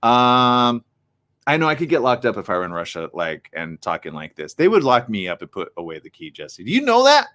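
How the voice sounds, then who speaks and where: Male morning host, animated and excitable, riffs hard, reads out chat comments. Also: mid-range voice, a little fast. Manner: reads viewer comments aloud. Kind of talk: live streamed talk show chat.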